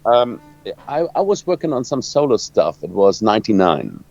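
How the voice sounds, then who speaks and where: A man from Germany with a German accent, a rock guitarist answering interview questions in halting English, searching for words and restarting often. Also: on the low side, big pitch swings, vocal fry, darkish tone, faint music behind. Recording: dull lo-fi dry sound.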